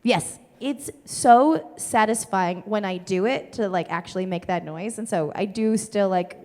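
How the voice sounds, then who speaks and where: A Canadian woman comedian answering audience questions in a cartoonish transatlantic accent, breathy and low in the mouth, from the chest, explaining with lots of filler words. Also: a little slow. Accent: cartoonish transatlantic stage accent. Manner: animated explaining, many filler "like"s. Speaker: comedian in character. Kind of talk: stage Q&A with audience. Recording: reverberant theater hall.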